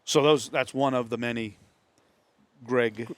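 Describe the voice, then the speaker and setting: A man's voice: medium pitch, steady tone, measured pace, no echo. A man with a New England accent telling a hunting story in casual talk among friends, acting out the voices of others. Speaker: host. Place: hunting camp.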